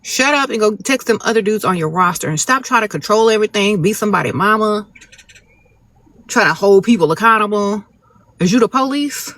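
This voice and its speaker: A woman's voice: mid-range voice, expressive, brisk, fairly bright tone, no echo. A woman hosting a casual livestream, giving blunt, sassy relationship advice in a lecturing tone.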